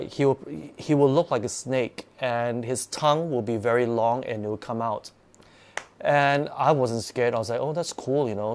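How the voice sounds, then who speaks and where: A man's voice: mid-range voice, a little mellow, clean tone. A man hosting a live stream, telling his own ghost stories in a rambling way, full of restarts and sudden bursts of acting out.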